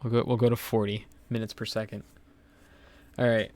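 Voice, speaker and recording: A man's voice: fairly low pitch, level tone, normal speed, dark tone, dry recording. A young man hosting a podcast, telling stories in a rambling, profane way full of fillers. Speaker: podcast host. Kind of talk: casual podcast chat.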